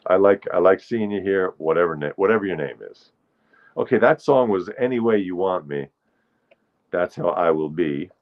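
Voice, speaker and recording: A man hosting a casual solo livestream, chatting in a rambling way with viewers in the chat and now and then singing slowly to a ukulele. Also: deep voice, expressive, narrow, tinny audio. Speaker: livestream host.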